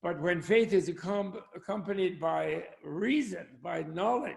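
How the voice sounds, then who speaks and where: A man's voice: high voice, moderate pace, vocal fry, few pauses. An older man, a Buddhist scholar, talking over a video call in a rambling, anecdotal way with frequent chuckles. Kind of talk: discussion with jokes. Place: home, online talk.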